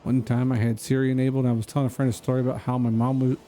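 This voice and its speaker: A man chats loosely while streaming a game, joking and wandering between tangents. His voice is mellow and unhurried, at an average pitch, and quiet background music runs underneath. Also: level tone. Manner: rambling, joking, easily sidetracked. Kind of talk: casual chat while gaming.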